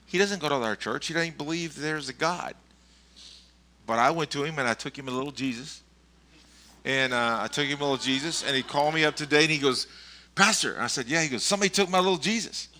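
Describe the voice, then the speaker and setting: A man's voice: mid-range voice, a little fast, sharp tone, slight background noise. A middle-aged male pastor giving a casual, conversational sermon, telling stories with chuckles and frequent restarts. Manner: rambling, chuckling storyteller with many restarts.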